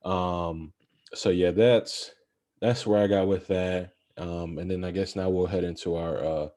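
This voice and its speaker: A young man co-hosting a podcast, chatting about basketball in a casual, animated, rambling way. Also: deep voice, unhurried. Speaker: podcast co-host. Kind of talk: casual sports chat.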